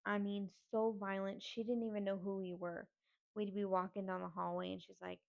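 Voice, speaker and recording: A woman's voice: medium pitch, normal speed, creaky, darkish tone. A woman hosting a podcast, telling a personal story in a candid, casual and profane way. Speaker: podcast host. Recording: slightly dull lo-fi audio.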